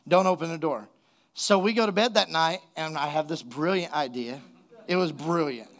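A man, a pastor, preaching a sermon and telling a funny story in an animated way, laughing at his own jokes. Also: fairly high pitch, moderate pace. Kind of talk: sermon with a humorous personal story.

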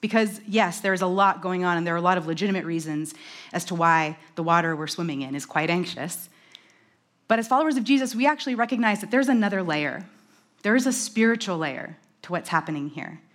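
New lady preaching fast and chatty, lots of animated asides, talks like she's chatting with you. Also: fairly low pitch. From New York. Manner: fast-talking, animated, self-deprecating asides. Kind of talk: conversational sermon.

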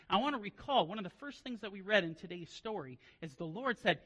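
A man preaching a sermon as pastor, telling stories in quiet asides and then rising into loud, emphatic preaching. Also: sits high, animated, fairly quick, hardly any pauses, rough recording.

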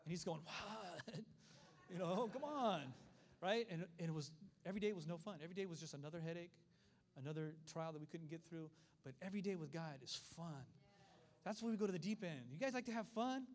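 A middle-aged man preaching a sermon, telling stories in an animated way and acting out the voices of the people in them. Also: high voice, fast talker. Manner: animated storytelling with acted voices.

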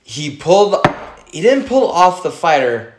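A man talking casually over a fight, animated, profane and quick to laugh. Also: fairly high pitch, background noise. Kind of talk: casual fight-watching chat. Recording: roomy echo.

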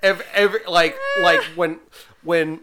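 A man's voice: on the high side, fairly even intonation, measured pace, background noise. A man hosting a casual podcast chat, rambling and often repeating his words. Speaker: podcast host.

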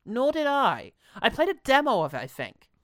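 A man's voice: extremely high pitch, wildly swooping pitch, normal speed, fairly bright tone, dry recording, studio quality. A man co-hosting a podcast in casual chat, playful and sarcastic, laughing often. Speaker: podcast co-host.

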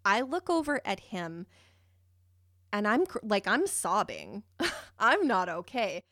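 A woman podcast host telling a personal story in a casual, animated, profane and self-mocking way, often jumping in pitch and volume. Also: takes it slowly, no room sound, studio quality.

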